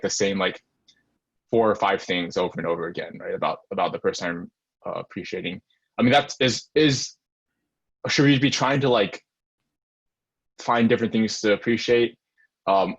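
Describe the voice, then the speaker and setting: A man's voice: fairly low pitch, vocal fry, husky, highs cut off. A man taking part in a group session over a video call, asking a question in a hesitant way with lots of fillers. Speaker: participant.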